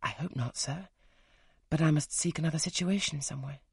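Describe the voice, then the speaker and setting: Guy reading a polite, reserved young governess, husky voice, dry close sound. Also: on the high side, no room sound. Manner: polite, measured, soft-spoken. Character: young woman governess, reserved, quietly firm. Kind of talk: audiobook character reading.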